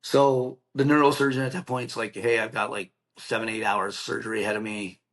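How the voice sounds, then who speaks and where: A middle-aged podcast guest speaks fairly quickly in a fairly low, fairly bright voice with a flat delivery. Earnest and plainspoken, he tells an emotional story from his life and acts out others' words.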